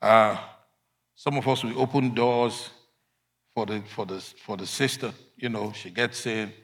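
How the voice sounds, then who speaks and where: A man preaching a sermon, emphatic, swinging between loud declarations and quiet asides. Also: lowish voice, steady tone, measured pace.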